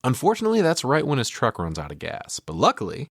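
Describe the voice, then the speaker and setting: A man's voice: medium pitch, fast talker, creaky, dry recording, clean studio sound. A man casually retelling a horror film's plot on a podcast, swearing freely and acting out the characters' lines. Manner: animated retelling with put-on character lines, profane. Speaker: podcast co-host. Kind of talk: casual film recap chat.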